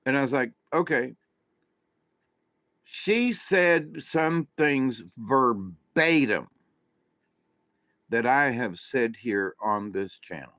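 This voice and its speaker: A man's voice: mid-range voice, animated, slow, fairly bright tone, dry recording. A man hosting his own spiritual channel, telling a story in a loose, rambling way with restarts and asides to his viewers. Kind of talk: casual storytelling monologue.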